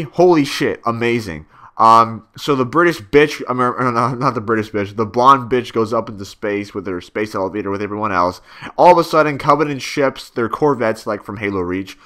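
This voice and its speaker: A man's voice: mid-range voice, expressive, moderate pace, pushed and bright. A young man giving a casual spoken video review, rambling with many fillers and restarts and swearing freely.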